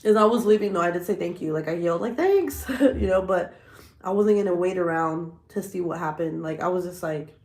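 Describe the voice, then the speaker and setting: A woman in her thirties, a vlogger telling stories in a blunt, profane, animated casual chat. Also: on the low side, fairly quick, reverberant.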